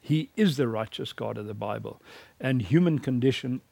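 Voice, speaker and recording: A man's voice: mid-range voice, expressive, moderate pace, creaky, darkish tone, no echo. A man from Africa, giving a recorded teaching lecture in an earnest, emphatic preaching cadence. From South Africa.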